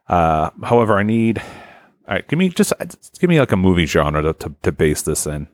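A young man hosting a comedy podcast, spinning an improvised story with lots of restarts and asides. His fairly low voice swings a lot in pitch, and the sound is dry and close. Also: normal speed, no room sound. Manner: rambling, lively, with frequent filler and restarts. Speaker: podcast host.

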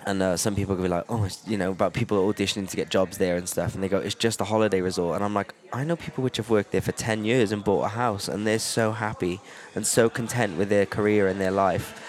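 A young man hosting a podcast, telling stories in a relaxed, casual way and swearing freely. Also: on the low side, fast talker, few pauses. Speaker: podcast host.

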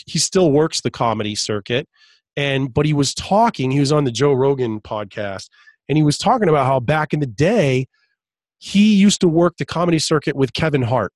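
Rambling, higher-voiced man telling a story. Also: darkish tone, no echo. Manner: rambling storyteller, frequent restarts and fillers; laughs while telling stories. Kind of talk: casual podcast conversation.

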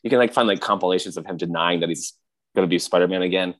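A man in casual chat, retelling scenes excitedly with frequent laughter. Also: deep voice, very fast.

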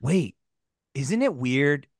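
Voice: mid-range voice, big pitch swings, takes it slowly, no room sound, clean studio sound. A podcast co-host in casual chat, rambling and cutting themselves off, often laughing mid-sentence. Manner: rambling, self-interrupting, laughs while talking.

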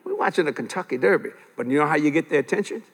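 An older man preaching a sermon, telling stories in a lively way with frequent chuckles and repeating his key points. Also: a little high, rapid-fire. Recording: long hall reverb.

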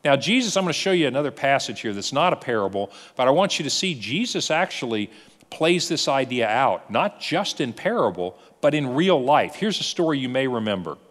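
A man's voice: mid-range voice, fairly quick, big-room sound. A male pastor preaching a sermon, retelling stories and throwing rhetorical questions to his congregation. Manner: animated storytelling with rhetorical questions.

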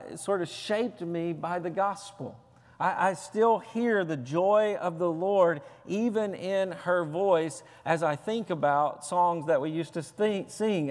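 Man preaching, high-pitched, earnest, personal, sermon, church sanctuary, long reverb. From Southern United States. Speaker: pastor. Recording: long reverb of a large hall.

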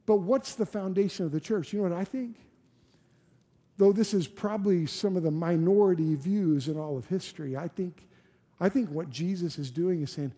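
A man's voice: high-pitched, moderate pace, warm tone. A man preaching a sermon as a pastor, earnest and full of rhetorical questions and restarts. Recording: long hall reverb.

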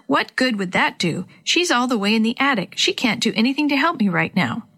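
A woman's voice: fairly high pitch, very animated, a little fast, gravelly, pushed and bright, slightly rough, full character voice. A woman voicing a frightened but brave young girl who talks herself through her fear in a children's story. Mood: worried, hopeful.

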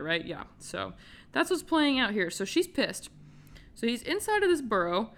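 Bright-voiced woman recapping casually. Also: medium pitch, moderate pace. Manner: swearing, animated retelling with filler words. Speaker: podcast host.

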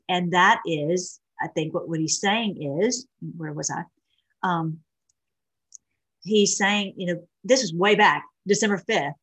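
Woman, middle-aged, breathy voice, rambling casual commentary, lots of restarts. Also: medium pitch, low-quality recording. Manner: rambling, many restarts and fillers. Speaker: online show host. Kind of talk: casual commentary reading posts.

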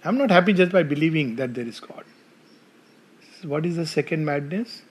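A man's voice: on the high side, moderate pace, slightly rough. A man with an Indian English accent giving a devotional talk to an audience, telling stories and asking the listeners questions. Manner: animated storytelling, asks the audience questions. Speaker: spiritual speaker.

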